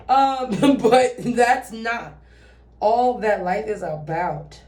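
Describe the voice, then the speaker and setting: A woman gives a casual, chatty tarot reading, swearing and acting out quoted voices. Her voice is a little high and darkish, and she speaks slowly. She sounds distant from the mic, with a roomy echo.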